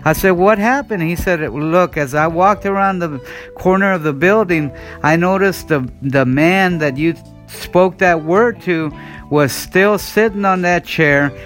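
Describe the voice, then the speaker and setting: Unhurried and high-pitched, with a fairly bright tone, an American man gives a sermon built around his own testimony. His delivery is earnest and story-like, full of "and, uh" restarts, while guitar music sounds faintly behind him.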